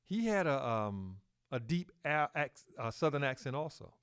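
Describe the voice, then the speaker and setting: A man hosting a solo podcast, talking slowly with fillers and self-corrections, and pushing up on key words for emphasis. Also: medium pitch, sing-song, a bit bright, clear, resonant tone. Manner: slow, halting delivery with fillers and self-corrections. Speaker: podcast host.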